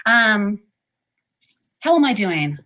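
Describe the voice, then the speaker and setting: A woman's voice: mid-range voice, big pitch swings, slow, bright, forceful tone, highs cut off. A woman hosting a casual livestream, rambling and apologetic, her talk full of fillers. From Canada. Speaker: livestream host.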